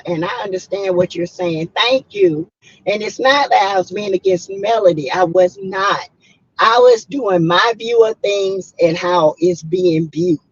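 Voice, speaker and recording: A hoarse woman, chatting casually and emphatically on a livestream and greeting viewers by name. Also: medium pitch. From South Carolina. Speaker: livestream host. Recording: muffled lo-fi audio.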